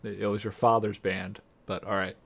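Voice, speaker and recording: A man's voice: lowish voice, flat delivery, normal speed, creaky. A man co-hosting a casual podcast, chiming in with hesitant restarts. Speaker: podcast co-host.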